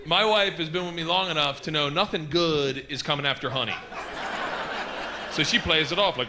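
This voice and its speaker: A man performing a stand-up comedy set on stage, telling stories loudly and animatedly, with shouted bits. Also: a little high, animated, fast, a little hiss or hum. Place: comedy stage before a live audience. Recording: live club recording with audible audience.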